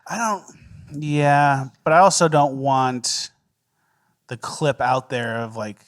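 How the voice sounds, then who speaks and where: A young man co-hosting a casual podcast chat, telling stories in a relaxed way and often breaking into laughter. His voice is mid-pitched. The recording sounds close and dry. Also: slow pace, no echo. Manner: laid-back storyteller, laughs often. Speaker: podcast co-host.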